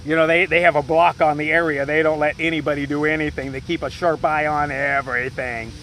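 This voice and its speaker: A man's voice: a little high, flat delivery, brisk, fairly bright tone, slight background noise, rough recording. A man, a solo hiker, telling a rambling story in a profane, agitated way, full of fillers. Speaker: solo trail hiker vlogger. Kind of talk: rambling casual rant.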